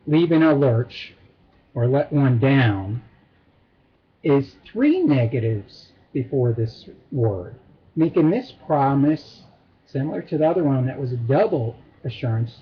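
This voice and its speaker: A man giving a short Bible devotional as a teacher, slowly repeating phrases for emphasis. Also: a little high, slightly rough. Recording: dull lo-fi recording.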